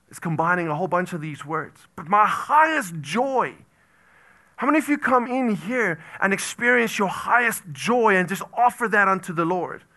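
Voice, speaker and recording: Bright-voiced animated male preacher. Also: sits high. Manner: animated, swings from loud exclamations to hushed near-whispers; repeats phrases for emphasis. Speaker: pastor. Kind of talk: sermon.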